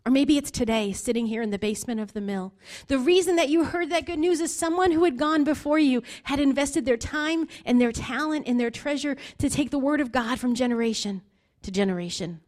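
A woman's voice: high voice, animated, brisk, a little mellow. A woman in her forties preaching an earnest sermon, building to emphatic appeals. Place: church basement hall.

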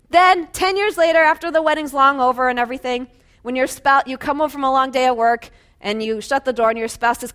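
High-voiced woman preaching casually. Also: fairly bright tone. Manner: conversational, asks listeners rhetorical questions; laughs lightly between phrases. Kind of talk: sermon.

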